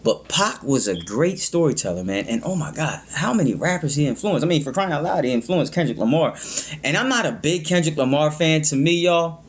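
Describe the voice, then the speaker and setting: A man's voice: a little high, lively intonation, a little fast. Rambling man reacting to music. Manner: rambling, fumbles words, many "you know what I mean". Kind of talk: casual reaction commentary.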